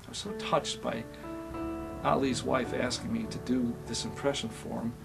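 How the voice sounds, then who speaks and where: An older man, an actor and acting teacher, tells animated stories in a monologue and turns quiet and reflective at times. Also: mid-range voice, moderate pace, gravelly, music in the background. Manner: animated storyteller who acts out scenes, turning quiet and reflective. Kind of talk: storytelling monologue for an actor's slate.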